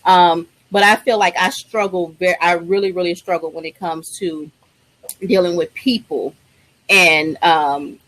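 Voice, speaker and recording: A woman's voice: fairly low pitch, fairly even intonation, measured pace, a bit bright, rough recording. Casual, slangy woman co-hosting a chat. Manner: casual and slangy, with frequent fillers. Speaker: web show co-host.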